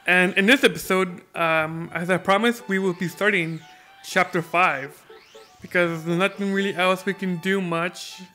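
A man's voice: sits high, fairly even intonation, unhurried, sharp tone, faint music behind. A young man casually co-hosting a let's play, chatting and reading game lines aloud. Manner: chatty, reads game dialogue aloud, laughs often. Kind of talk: casual gameplay commentary.

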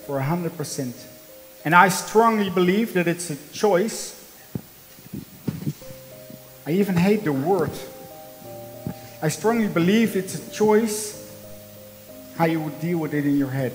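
A man's voice: a little high, unhurried, pauses often, in a large hall, soft background music, poor audio. A man in his thirties from the Netherlands with a Dutch accent, giving an earnest, emphatic motivational talk to a conference, telling stories in his second language. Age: 30s. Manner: earnest, emphatic, storytelling with small slips in English. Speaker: conference speaker. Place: conference hall.

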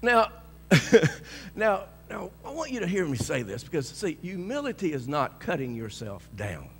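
Animated preaching man, bright lively voice. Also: a little high, normal speed, vocal fry, slightly rough, long reverb tail. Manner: animated storytelling, shouting declarations, chuckling often. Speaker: pastor. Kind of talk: sermon.

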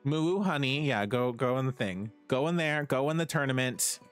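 A man's voice: mid-range voice, lively intonation, moderate pace, fairly bright tone, clear, resonant tone. A man streaming live, chatting casually with viewers as he plays, self-mocking and swearing freely. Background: faint game music.

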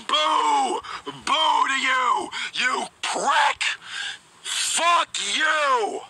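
A man's voice: very high-pitched, bright, forceful tone, poor audio. A YouTuber ranting in a furious screaming rage, cursing, his voice cracking with anger. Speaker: YouTuber reacting to a race.

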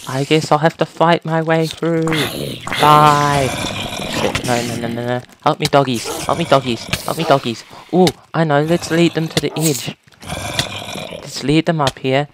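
A woman casually commentating a video game, talking to creatures and breaking into panicked shouts. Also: low-pitched, steady tone, normal speed, background noise. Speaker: gaming YouTuber.

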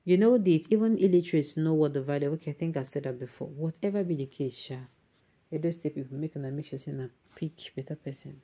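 A woman's voice: low-pitched, fast, mellow. A woman with a Nigerian accent hosting an online news show, reading viewer comments aloud and mixing in emphatic Pidgin asides.

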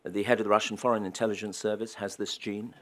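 Male lecturer, deep voice, dry anecdotal wit, public talk. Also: flat delivery, quick pace, fairly bright tone. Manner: wry, anecdotal, dry humor. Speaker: guest lecturer.

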